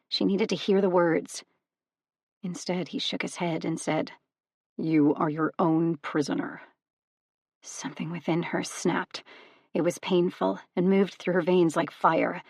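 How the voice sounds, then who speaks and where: A woman narrates a novel in a steady, even way. Her voice is on the low side with a gravelly texture. It is recorded close and dry, with no room sound. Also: normal speed, no echo. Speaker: audiobook narrator. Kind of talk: scripted narration.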